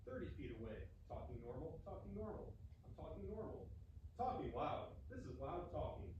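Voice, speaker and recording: Higher-pitched man, echoey and distant. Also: big pitch swings, moderate pace, darkish tone, highs cut off, slight background noise. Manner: repetitive, matter-of-fact test phrases. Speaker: host running a sound test. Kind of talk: casual on-location test talk. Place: indoor rooms around a house. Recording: echoey room audio from a distance.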